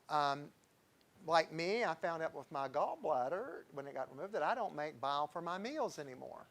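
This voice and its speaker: A man's voice: a little high, a bit bright. A man, a doctor giving an informal health talk, chatty and digressive and telling patient stories.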